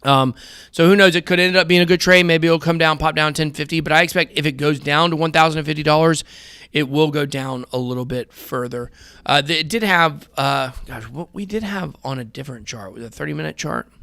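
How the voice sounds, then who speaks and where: A man's voice: a little high, a little fast, vocal fry, bright, forceful tone, clean tone, no echo. A man in his thirties hosting a casual trading show, rambling through charts and talking straight to his viewers. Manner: rambling, conversational, addresses viewers as guys. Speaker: crypto trading show host.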